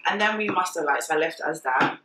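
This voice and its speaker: A woman with a lowish voice, telling stories in an animated way and acting out the quotes. The room is echoey, and a clear hiss of background noise sits under her voice. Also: fast talker. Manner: animated storyteller, acts out quotes. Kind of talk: casual chat.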